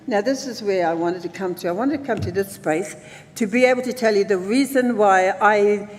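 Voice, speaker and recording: A man in his seventies with a New Zealand accent addresses a conference as a lively storyteller, his voice sitting very high. He moves easily between stories and Māori words. A long reverb trails each phrase, as in a large conference hall. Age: 70s. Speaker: conference speaker.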